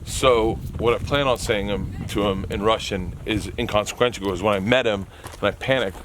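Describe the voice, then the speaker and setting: A man's voice: fairly low pitch, brisk, noisy background. A man telling a long comic story, acting out the voices of the people in it and laughing often. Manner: excitable, acts out voices, laughs a lot. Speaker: comedian guest. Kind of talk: animated storytelling.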